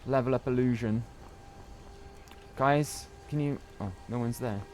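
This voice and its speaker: A man's voice: mid-range voice, unhurried, a little mellow, faint music behind. A young British man streaming a game, chatting in a rambling way and often tagging on "right?". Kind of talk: casual gaming chat.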